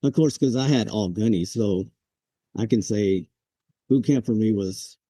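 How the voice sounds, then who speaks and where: Male vet guest, 40s, deep mellow tone, easygoing anecdotes, dry close mic. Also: a little slow, no room sound. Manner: laid-back, chuckles, acts out quoted drill instructors. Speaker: podcast guest, Marine veteran. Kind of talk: casual storytelling interview.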